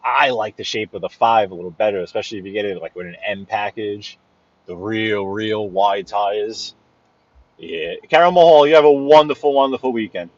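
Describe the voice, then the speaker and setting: A man's voice: lowish voice, fairly even intonation, normal speed, no room sound, highs cut off. A man giving casual running commentary while he drives, chatty, laughing at his own stories and repeating phrases, recorded on a phone inside a car. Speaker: vlogger driving through his neighborhood. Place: inside a car on city streets.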